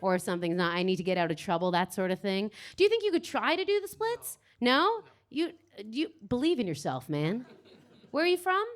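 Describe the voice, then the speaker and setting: A woman's voice: fairly high pitch, wildly swooping pitch, a little fast. A young Canadian woman doing stand-up crowd work in a comedy club basement, teasing the audience and swearing freely.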